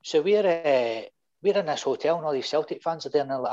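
A middle-aged Scottish man telling animated fan stories in a casual chat, acting out the quotes and swearing freely. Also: on the high side, a little fast, lo-fi sound. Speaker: guest fan. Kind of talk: casual storytelling.

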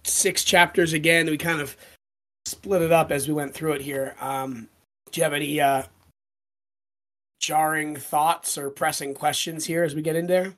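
A woman's voice: low voice, steady tone, normal speed. A woman co-hosting a book podcast, enthusiastic and steering the casual discussion. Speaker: podcast co-host.

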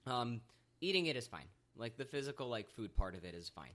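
A man's voice: mid-range voice, big pitch swings, fairly quick, a bit bright. Easygoing young man rambling. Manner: easygoing, rambling, self-deprecating. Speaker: podcast co-host. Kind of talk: casual chat.

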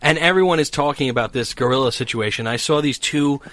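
A man's voice: mid-range voice, quick pace, dry recording. A man co-hosting a casual comedic podcast, swearing freely and laughing as he tells stories. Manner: profane, laughs often, animated storytelling. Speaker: podcast co-host.

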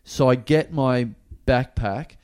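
A man who is a podcast co-host and a father, telling a casual comic story with lively, swearing delivery. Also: medium pitch, slow pace, smooth. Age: adult, father of a young child. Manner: animated, swears freely, acts out the people in his story.

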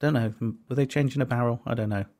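A man's voice: medium pitch, fairly even intonation, quick pace, darkish tone. A man co-hosting a podcast, telling rambling, wry stories. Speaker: podcast co-host. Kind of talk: casual chat.

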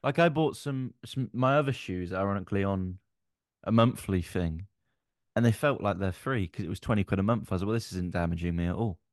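A man's voice: fairly low pitch, no echo, studio quality. A sweary young man spinning tales. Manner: animated storytelling, swearing, quick shifts to loud re-enacted quotes. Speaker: podcast co-host. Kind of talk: casual banter.

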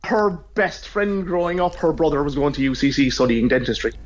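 A man's voice: a little high, animated, fairly quick, lo-fi sound, slight background noise. A man in his forties with a northside Cork accent, a caller telling stories in a frank, easygoing way. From Ireland. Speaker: caller living abroad. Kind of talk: casual phone interview.

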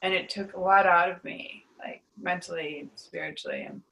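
A young woman giving an emotional personal testimony in an interview, confessional and full of fillers, her voice sinking to a hush on the painful parts. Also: lowish voice, wildly swooping pitch, normal speed, low-quality recording. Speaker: guest sharing testimony.

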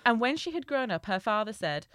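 Young woman comedian reading a fairy tale, lively, bright voice, dry close sound. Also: on the high side, fairly quick, clear, resonant tone. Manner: giggly, reads the tale with jokey asides. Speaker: podcast co-host, comedian. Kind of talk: casual comedic storytelling.

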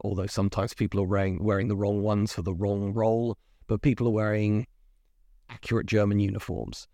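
A man's voice: on the low side, a little mellow, no room sound, clean studio sound. A man hosting a podcast, giving a chatty, opinionated spoken review full of rhetorical questions. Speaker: podcast host reviewing a series.

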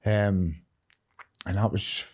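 Speaking slowly in a fairly low, husky, steady voice, a middle-aged Scot with a Glaswegian accent opens up as a podcast guest. His talk is candid, full of swearing, and peppered with "you know what I mean" checks.

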